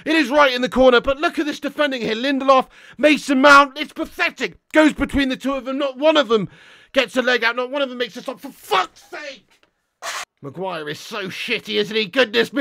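A young man ranting angrily and loudly as host of a live football watch-along, swearing constantly. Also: very high-pitched, a little fast, vocal fry, no echo. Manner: angry, sweary, loud ranting. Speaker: football fan livestream host.

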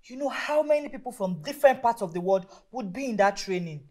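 An actress playing a busy, career-driven wife and mother who swings from weary to loud. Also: a little high, lively intonation, brisk. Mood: soothing. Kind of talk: film drama acting.

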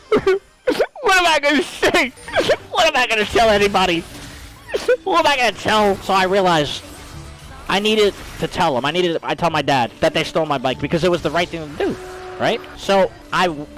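Male streamer, high voice, swooping lively pitch, swears a lot, slangy chat, faint music behind. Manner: profane, slangy, addresses listeners as bro. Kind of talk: casual storytelling while gaming.

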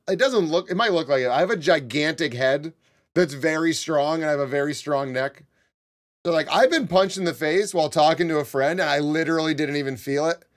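A young man talks straight into his desk mic on a live stream, spinning a rambling story for his chat. His voice sits a little high for a man. He swears freely and keeps breaking into laughter. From Connecticut. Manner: animated, swearing, laughing often.

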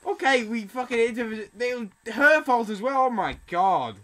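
A young man commentating a game, excitable and swearing, reading the on-screen text aloud. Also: very high-pitched, moderate pace, hardly any pauses. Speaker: gameplay commentator. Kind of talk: let's play commentary. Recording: loud game music behind voice. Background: hip hop game music.

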